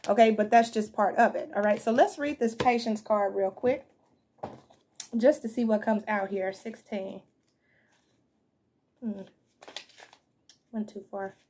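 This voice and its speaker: A woman's voice: mid-range voice, steady tone, measured pace, long pauses, a little mellow, slight background noise. Chatty woman doing a casual tarot reading. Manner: chatty, slangy, addresses viewers as y'all and fam. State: just woke up, yawning. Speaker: tarot reader.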